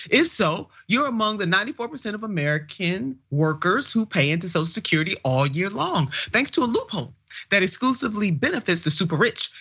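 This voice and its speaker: Folksy fired-up woman host, punchy bright voice, kinda muffled audio. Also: medium pitch, gravelly, slightly rough. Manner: emphatic, preacher-like, folksy. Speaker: show host. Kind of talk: political commentary.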